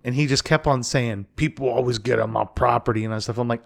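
A man's voice: medium pitch, brisk, vocal fry. A young adult man, a podcast co-host, telling a story in casual chat and acting out the quotes. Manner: animated, acts out quotes with profanity.

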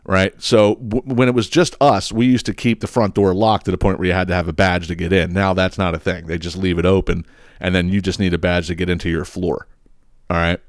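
Philly-guy telling a story, swears a lot, kinda low voice, dry close sound. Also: brisk, no room sound. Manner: profane, animated storyteller who acts out quotes. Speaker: podcast host. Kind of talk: casual storytelling.

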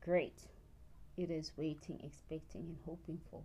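A woman's voice: low voice, steady tone, warm tone, husky. Woman host asking probing questions. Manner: probing questions, quick asides. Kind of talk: casual faith discussion.

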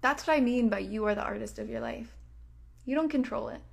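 A woman's voice: a little high, huge pitch swings, brisk, gravelly. A woman hosting a self-help podcast, talking casually and swearing freely. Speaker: podcast host. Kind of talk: motivational self-help talk.

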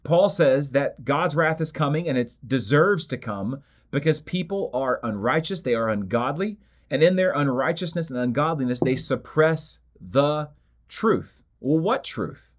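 Guy teaching bible study, leans hard on repeats, slows way down to hit the key points. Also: fairly high pitch, animated. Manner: emphatic, repeats phrases for stress.

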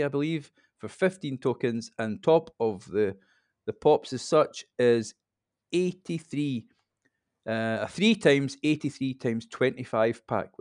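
A man in his fifties, a podcast guest, explaining things in a relaxed, rambling casual chat. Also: medium pitch, no room sound, clean studio sound. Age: 50s.

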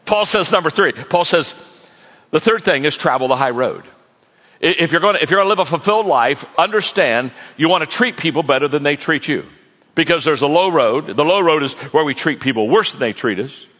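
Animated folksy preacher in a hall. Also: male voice, on the high side, a little fast. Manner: animated, folksy, joking storyteller. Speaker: pastor, guest speaker. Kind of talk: sermon. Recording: long reverb of a large hall.

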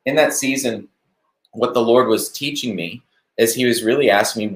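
A man hosting a live stream, giving a relaxed devotional talk on a verse and chatting to viewers as they comment. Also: mid-range voice, normal speed, reverberant. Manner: conversational, warm-hearted preaching with asides to viewers.

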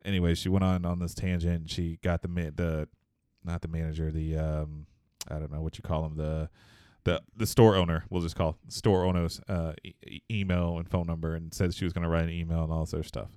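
A man's voice: low-pitched, flat delivery, brisk, mellow, smooth, no room sound, studio quality. A man from Texas, telling a story in a casual podcast chat, rambling with many fillers and restarts.

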